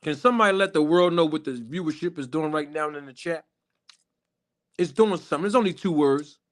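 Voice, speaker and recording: A man's voice: a little high, brisk. Hype man hosting a live stream. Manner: hype, chatty, calls out to the chat. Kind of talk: casual live stream talk.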